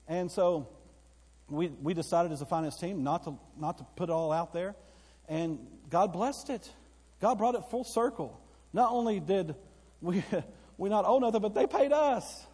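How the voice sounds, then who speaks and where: A man preaching a sermon, spinning a story for his congregation and breaking into excited outbursts. His voice sits fairly high but sounds dark and a touch husky. The sound rings with the long reverb of a church hall. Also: moderate pace. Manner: storytelling, rising to excited bursts. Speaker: pastor. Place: church sanctuary.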